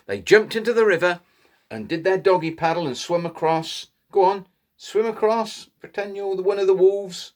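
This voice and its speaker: A man telling a children's story in an animated way, inviting little listeners to join in. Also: high voice, normal speed. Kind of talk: interactive children's story reading.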